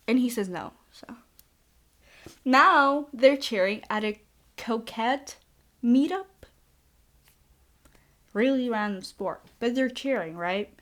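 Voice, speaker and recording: Young female podcast host, sarcastic and chatty, a bit high-pitched, casual recap. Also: slow, long pauses, fairly bright tone. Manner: sarcastic, chatty, says like a lot.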